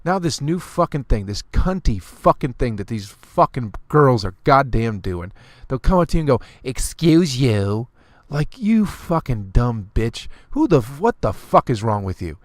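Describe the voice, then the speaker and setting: A man's voice: mid-range voice, very animated, moderate pace, no echo. A man hosting a solo comedy podcast, ranting with constant profanity and exasperation, now and then mimicking people in a snooty clipped voice. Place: on tour, recording alone.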